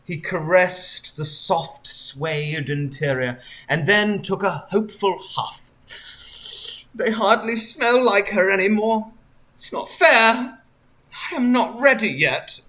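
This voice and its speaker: A man's voice: high-pitched, takes it slowly, bright, forceful tone, heavily acted. A man voicing a lonely, self-pitying male cartoon hedgehog hero in a comedy fan-fiction reading, whiny and mopey.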